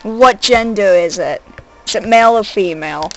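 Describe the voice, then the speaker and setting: A woman with a mid-range voice at a moderate pace streams a handheld game from home, groaning, whining and being sarcastic in live commentary. The recording is low quality, with faint game music in the background.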